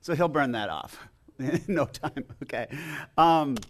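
A man with a slightly high, expressive voice preaches unhurriedly to his congregation in a church sanctuary. As pastor, he keeps the sermon casual, chatty, and full of jokes, often restarting his sentences.

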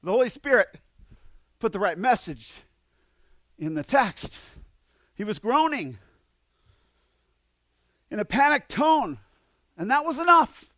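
A man with a high voice preaching with earnest conviction. He often repeats words and swings from loud calls to hushed lines. The sound is dry and close, with no room around it. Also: sing-song, slow, long pauses, dry recording. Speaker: pastor. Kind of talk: sermon.

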